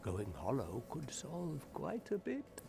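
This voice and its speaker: An actor playing a gloomy, sardonic undead warrior in a video game, with a depressing monotone delivery that is cynical and world-weary. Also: male voice, mid-range voice, takes it slowly, gravelly, music in the background, heavily acted. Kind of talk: video game character dialogue. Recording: game audio with steady background noise.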